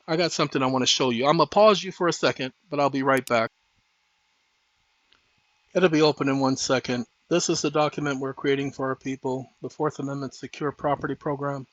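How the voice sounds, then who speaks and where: A man hosting his own channel, lecturing viewers in a preachy, insistent way that turns loud and heated. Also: mid-range voice, no room sound, lo-fi sound. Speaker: host. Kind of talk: impassioned legal lecture to viewers.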